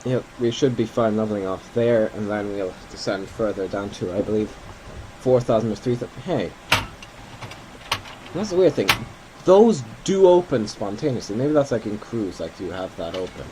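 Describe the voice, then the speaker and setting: A man's voice: fairly low pitch, animated, normal speed, dark tone, a little hiss or hum, rough recording. A man giving casual commentary while playing a flight simulator, thinking aloud and correcting himself as he goes.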